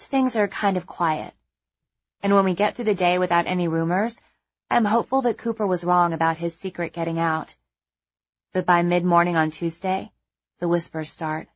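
A young adult woman narrating a first-person audiobook in a measured, wry, conversational way. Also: fairly low pitch, muffled recording.

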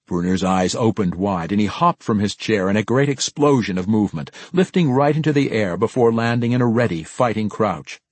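Low husky male audiobook narrator. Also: animated, normal speed, hardly any pauses, a little mellow, no echo. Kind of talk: scripted narration.

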